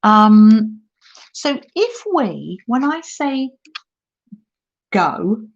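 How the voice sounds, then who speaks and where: A woman's voice: on the high side, big pitch swings, very slow. Middle-aged woman hosting a craft livestream, chatty, reads out comments, laughs a lot, dull laptop mic sound. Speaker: craft live stream host. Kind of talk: casual live stream chat. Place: holiday home, indoors at a craft table.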